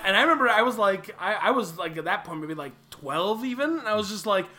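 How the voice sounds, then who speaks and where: Brief: high, bright-toned man cracking jokes in a loose podcast chat. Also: animated, fast talker. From Illinois. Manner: joking, recaps a film plot. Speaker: podcast co-host. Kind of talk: casual chat.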